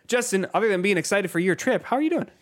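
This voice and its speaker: A man's voice: high voice, expressive, very fast. A man hosting a podcast, chatting in an upbeat, loose way. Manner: chatty, many fillers and restarts, upbeat. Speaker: podcast host. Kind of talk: casual chat.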